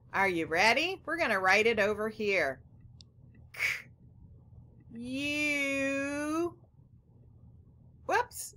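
幼い子どもたちに語りかける女性の先生。ゆっくりと優しい話し方で、少し高めの明るく張りのある声。. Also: female voice, on the high side. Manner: slow, gentle, talks directly to young children. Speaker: teacher. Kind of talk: children's phonics lesson.

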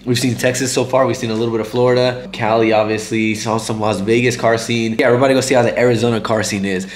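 A man with a hoarse, failing voice, talking to viewers in a laid-back, slangy car vlog, saying bro and guys a lot. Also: medium pitch, steady tone, quick pace, echoey room. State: hoarse, losing his voice. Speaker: car vlogger. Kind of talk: casual vlog chat.

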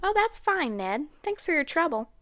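Lively young girl detective in a storybook, read by a woman, high-ish. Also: moderate pace, no echo, clean studio sound. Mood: eager.

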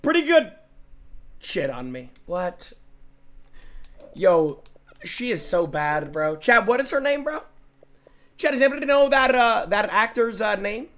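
A young man streaming and reacting to game clips, brash and profane, often breaking into shouting. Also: sits high, animated, a little slow, pauses often. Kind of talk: loud casual stream commentary.

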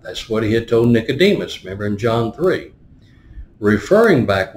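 A man's voice: mid-range voice, darkish tone. Man preaching in an echoey room. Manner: explains word by word, stops to ask "right?". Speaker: pastor. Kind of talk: sermon teaching.

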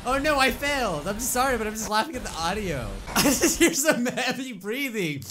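A man hosting a casual reaction video, excitable and quick to laugh and shout. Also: very high-pitched, noisy background. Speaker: YouTube host reacting to clips.

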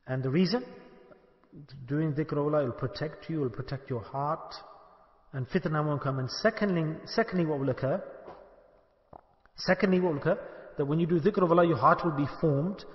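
A man's voice: a little high, moderate pace, pauses often. A man giving a sermon, asking his listeners questions and acting out little dialogues. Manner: rhetorical, asks the audience questions and acts out dialogue. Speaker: sheikh giving a religious talk. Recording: echoey hall, dull lo-fi sound.

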